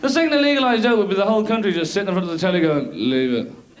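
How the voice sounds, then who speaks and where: Animated Irish comedian with lively pitch. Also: male voice, racing, very noisy. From Ireland. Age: 30s. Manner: rambling, animated, self-mocking. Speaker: stand-up comedian. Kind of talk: live stand-up routine. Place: theatre stage. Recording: live theatre, audience laughter.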